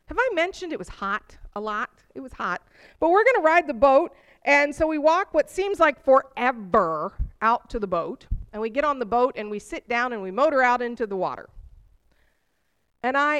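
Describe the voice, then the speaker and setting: A woman giving a sermon, telling personal stories in an animated way that rises with emotion. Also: high-pitched, clear, resonant tone. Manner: animated storytelling, voice rising with emotion. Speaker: preacher.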